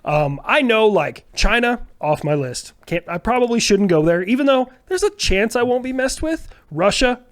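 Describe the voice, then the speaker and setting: A man's voice: high voice, animated, normal speed, few pauses. A man talking as a guest on a casual podcast, joking drily in a matter-of-fact way.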